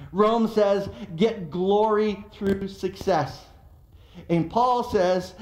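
A middle-aged man preaching a sermon as pastor, telling stories in an animated, emphatic way. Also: high-pitched. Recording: echoey room.

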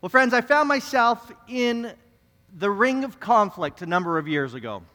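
A young man, a pastor telling a story in his sermon, earnest and animated, often repeating words as he goes. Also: sits high, normal speed. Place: church sanctuary. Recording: reverberant church hall.

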